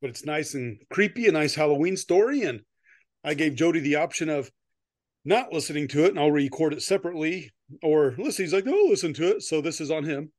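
A middle-aged man with a fairly high voice, talking casually on a close podcast mic. He rambles, restarts his sentences and laughs often. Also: lively intonation, a little fast, a little mellow, no echo. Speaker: podcast co-host. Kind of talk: casual chat and story reading.

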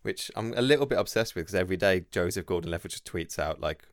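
Low-voiced man, chatty. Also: fast, no echo, clean studio sound. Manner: rambling, animated storytelling. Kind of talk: casual chat.

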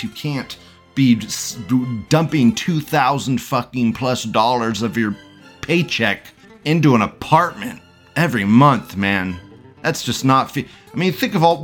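A man's voice: medium pitch, fairly bright tone. A young man hosting a livestream, ranting crudely and profanely in casual commentary and laughing often. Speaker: livestream host reading chat.

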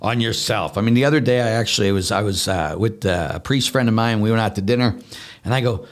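Speaking as a Catholic priest, a man gives conversational spiritual teaching in an earnest, animated way, repeating words for emphasis and laughing at himself. His voice is fairly low, and he talks at a quick pace.

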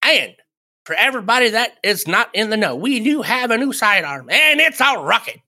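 A man's voice: high voice, big pitch swings, normal speed, pushed and bright. A man co-hosting a casual gaming podcast, reading update notes aloud and joking around with a playful manner. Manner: playful, joking, laughs often. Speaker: podcast co-host.

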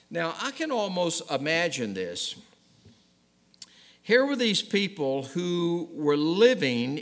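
A man's voice: fairly high pitch, a bit bright. A man preaching a sermon to his congregation in a church, emphatic and speaking to them directly. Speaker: pastor. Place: church sanctuary. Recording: long reverb of a large hall.

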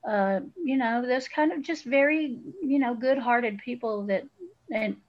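A woman's voice: a little high, measured pace, muffled recording. Feisty Southern woman podcaster. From Southern United States. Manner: feisty, blunt storyteller. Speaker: podcast co-host. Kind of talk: casual chat.

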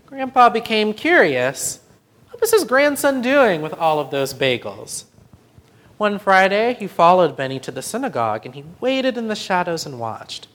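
A storyteller reading a children's picture book aloud in a slow, expressive voice that turns hushed in places. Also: medium pitch.

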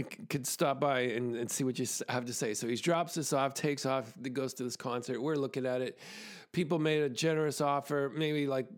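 A podcast host talks straight to his listeners in a loose, chatty monologue. His voice sits fairly high for a man, and he laughs often and restarts sentences as he tells his story. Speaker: podcast host, arts in education specialist.

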